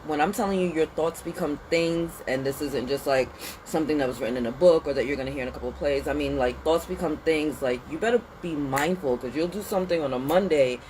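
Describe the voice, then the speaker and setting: A woman hosting a casual spiritual pep talk outdoors in the cold, animated and slangy, sniffly with a runny nose. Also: low voice, fast, a little hiss or hum, low-quality recording. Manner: animated, slangy and conversational, with lots of "like" and "you know". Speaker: spiritual reader and channel host.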